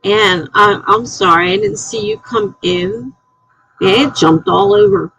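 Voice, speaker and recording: A middle-aged woman hosting a live stream, chatting casually and rambling through stories, getting animated when she is indignant. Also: mid-range voice, unhurried, creaky, slightly rough, poor audio. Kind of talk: casual live-stream chat reading comments.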